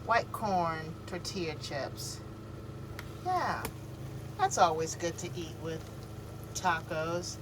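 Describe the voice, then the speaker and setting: A woman's voice: on the low side, expressive, takes it slowly, long pauses, noisy background. A woman chatting casually through an off-grid cooking vlog, describing her food and talking to her pets. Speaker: vlogger. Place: living off grid, in or by a vehicle.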